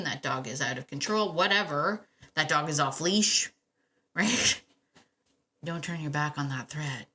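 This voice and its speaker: A woman hosting a dog training podcast, giving emphatic, animated advice in a casual way, repeating her key points and laughing often. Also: mid-range voice.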